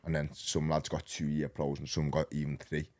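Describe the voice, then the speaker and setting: A man in his thirties with a Liverpool accent, a podcast guest telling his story in a rambling, animated, slang-heavy way. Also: a bass voice, normal speed. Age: 30s. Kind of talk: casual storytelling.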